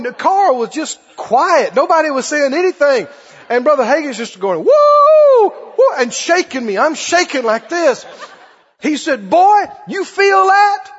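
Older male preacher, folksy storyteller, husky and high, long echo of a big hall. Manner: animated, folksy, shifts from quiet to hollering. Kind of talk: sermon with storytelling. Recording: dull echoey hall recording.

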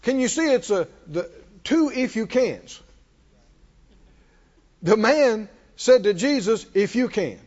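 A man's voice: very high-pitched, expressive, slow, pauses often, darkish tone. Male preacher, call-and-response sermon, long reverb of a hall. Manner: call-and-response preaching, rising and falling in volume. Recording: dull sound in a large reverberant hall.

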